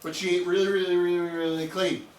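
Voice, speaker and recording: A man's voice: high-pitched, little pitch movement, fast talker. Emphatic man in an echoey room. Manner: emphatic, repeats words and asks "okay?". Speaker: nutrition trainer. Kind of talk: live training talk to a small group. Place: room with an audience. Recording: echoey room, distant mic, faint noise.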